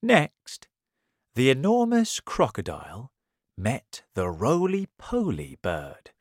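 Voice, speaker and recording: A woman slowly reading a children's story aloud as an English lesson, clear and deliberate. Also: extremely low pitch, huge pitch swings, no echo, clean studio sound. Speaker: reader.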